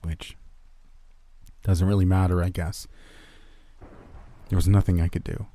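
A man reading a first-person horror story aloud in a low, steady, grim manner. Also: a little slow.

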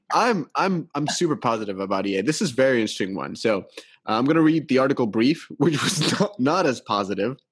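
A man hosting a podcast, reading an article aloud and adding his own relaxed commentary, with restarts and small laughs. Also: medium pitch, brisk, breathy edge, dry recording. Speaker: podcast host.

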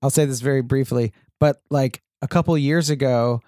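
A man's voice: medium pitch, steady tone, moderate pace, mellow, no room sound, clean studio sound. A man co-hosting a podcast, rambling through casual chat with self-deprecating jokes. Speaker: podcast co-host.

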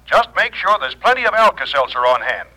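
An actor playing a husband coming down with a cold in a 1940s radio advertisement sketch, defensive and brisk. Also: male voice, a little high, sing-song, bright, forceful tone, heavily acted, rough recording. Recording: old radio broadcast recording.

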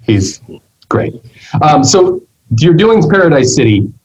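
A man's voice: on the high side, sing-song, takes it slowly, a little mellow, husky, poor audio. A man hosting a casual interview, enthusiastic and rambling, with slangy talk. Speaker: interview host.

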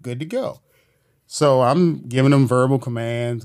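A man in a podcast studio, recounting a police chase in casual, animated storytelling. He drops slang and acts out what people said. His voice sits at a middle pitch. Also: moderate pace, vocal fry. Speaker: police officer guest.

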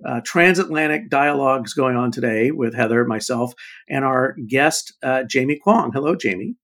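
A man co-hosting a podcast, chatting loosely in a middle-pitched voice. He jokes along, stumbles over restarts and scatters fillers through every sentence. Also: moderate pace, fairly bright tone. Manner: joking, lots of fillers and restarts. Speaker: podcast co-host. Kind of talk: casual chat.

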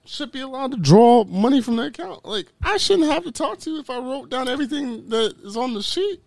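A man talking in casual chat, animated and swearing freely, acting out quotes with sudden jumps in pitch. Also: fairly quick, creaky, no room sound.

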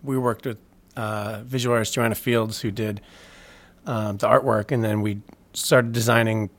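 A man's voice: fairly low pitch, steady tone, normal speed. A man in the guest chair, an electronic musician who meanders through his answers. His talk is full of fillers and restarts, with a self-deprecating streak of humor running through it. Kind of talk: casual interview chat.

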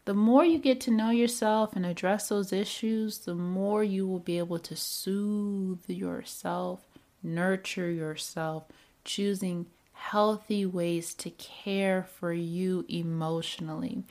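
A woman giving a reflective motivational talk as a self-help speaker, in a calm coaching tone that poses many questions to the listener. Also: medium pitch.

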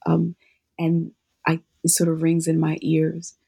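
An author and guest answering interview questions in a thoughtful, halting way with many fillers. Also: medium pitch, completely flat delivery, vocal fry, mellow, slightly rough.

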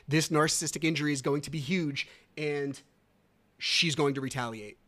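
Animated, profane man telling a story. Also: fairly high pitch, normal speed. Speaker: podcast host. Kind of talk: casual storytelling monologue.

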